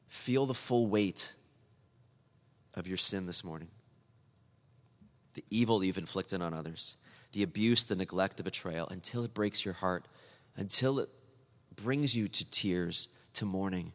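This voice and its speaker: Male pastor, low voice, earnest sermon with emphatic repetitions, recorded in a reverberant church hall. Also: a little slow, pauses often. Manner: earnest, building to emphatic repeated appeals.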